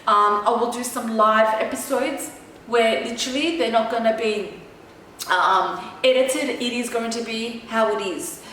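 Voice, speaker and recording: Woman vlogger, high voice, emphatic chatty storytelling; very echoey room, distant mic, faint noise. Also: a little slow, a bit bright. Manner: emphatic, chatty, keeps checking in with "okay?". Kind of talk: personal storytelling to camera.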